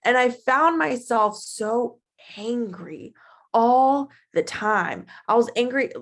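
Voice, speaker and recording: A woman in her twenties giving a casual, animated motivational talk to her team, chatty and full of feeling. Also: a little high, takes it slowly, gravelly. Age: 20s. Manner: animated and chatty, acting out her own past voice.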